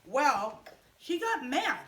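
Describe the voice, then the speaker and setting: High-voiced lady teaching kids a bible story in a chapel, echoey, mic far off, bit of noise. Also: takes it slowly. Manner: animated, asks children questions.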